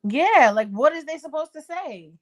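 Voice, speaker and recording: A woman's voice: sits high, animated, normal speed. A young woman chatting casually, agreeing emphatically and swearing freely. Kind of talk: casual chat.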